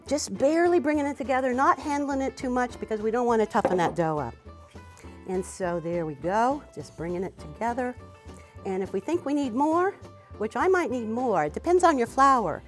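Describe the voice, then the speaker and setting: A woman leads a cooking demonstration in a chatty, encouraging way, often saying "wee" and "you know". Her voice sits fairly high and swoops up and down a great deal, with soft music faint in the background. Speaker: cooking teacher and show host.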